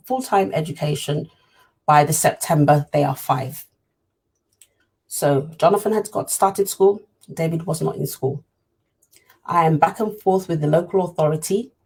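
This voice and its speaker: Woman, parent telling her story; husky, earnest, repeats herself for emphasis. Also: low voice, darkish tone. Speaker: parent sharing her experience. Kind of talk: personal storytelling talk.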